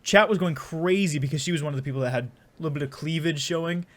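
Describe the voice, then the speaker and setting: A man's voice: fairly high pitch, fast talker, fairly bright tone. A young man rambling and joking crudely while commenting on his game. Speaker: gaming streamer. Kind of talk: casual let's-play commentary.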